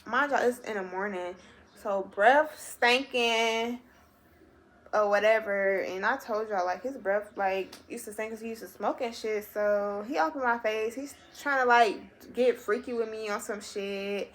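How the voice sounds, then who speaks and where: A young adult woman telling a personal story to her viewers in a casual, animated and very profane way. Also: fairly high pitch, a little slow. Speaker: vlogger.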